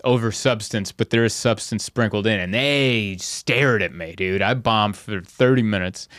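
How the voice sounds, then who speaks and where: A comedian telling stories in a casual podcast chat, animated and often laughing as he mimics people. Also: lowish voice, normal speed, no room sound, clean studio sound.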